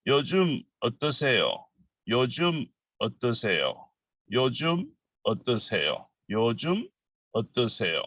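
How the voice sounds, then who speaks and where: A man's voice: lowish voice, a bit bright, dry recording, poor audio. Korean man teaching a language lesson. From Busan, South Korea. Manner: slow, halting English with many fillers, crisp repeated drill phrases.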